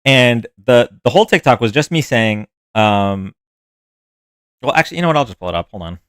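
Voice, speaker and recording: A man hosting a casual live stream, rambling from one thing to the next and answering viewers' comments as they come in. His voice sits in a middle pitch and sounds dry and close, with no room around it. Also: animated, a little fast, a bit bright, clear, resonant tone, no room sound. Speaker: livestream host. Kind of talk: casual livestream chat.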